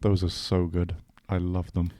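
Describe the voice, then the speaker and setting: A young man co-hosting a podcast, joking around in a relaxed, rambling way with lots of fillers. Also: low voice, a little slow, slight background noise. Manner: laid-back, joking, trails off with fillers. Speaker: podcast co-host. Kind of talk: casual chat.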